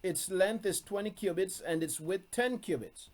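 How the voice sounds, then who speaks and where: A man's voice: high-pitched, moderate pace, darkish tone. Guy teaching scripture, hammers his points, says them over and over. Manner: emphatic, repeats key points. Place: room, streamed on video call.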